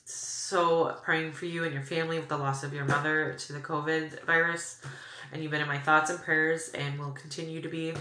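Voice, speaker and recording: A young woman vlogging as she unboxes beauty products, gushing and chatty with lots of fillers. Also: deep voice. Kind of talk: casual unboxing chat. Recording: echoey room with clear background noise.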